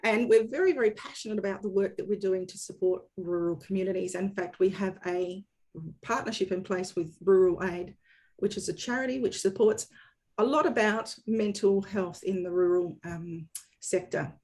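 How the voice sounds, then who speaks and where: A woman's voice: medium pitch, normal speed, a little mellow. A woman hosting an online training session, talking in an upbeat, chatty and welcoming way. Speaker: webinar host for a dairy company.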